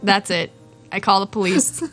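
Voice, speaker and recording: Woman co-host, mid-pitch, lively storyteller who voices the people in her story. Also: moderate pace, soft background music. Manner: animated, acts out dialogue. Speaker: podcast co-host. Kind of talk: casual storytelling chat.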